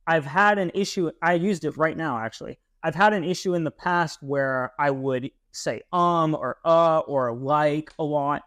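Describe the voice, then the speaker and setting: This is a young man on a casual podcast, talking through his own habits in a reflective way. He often repeats phrases and adds "right?" as he thinks. His slightly high voice is close and dry. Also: unhurried, few pauses, a bit bright, no room sound. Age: young adult. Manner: reflective, frequent "right?" and restarts. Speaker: podcast co-host.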